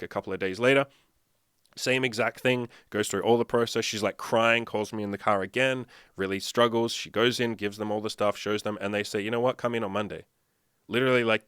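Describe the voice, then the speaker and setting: A man's voice: fairly low pitch, a bit bright, no echo, studio quality. A young man from Australia, a dating and self-improvement coach, telling a story in a casual, profane, emphatic way. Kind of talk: casual monologue to camera.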